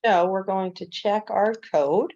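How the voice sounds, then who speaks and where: A woman's voice: medium pitch, slow, warm tone. A woman coding instructor walking through a screen-recorded coding tutorial step by step, with casual fillers. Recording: dull lo-fi recording.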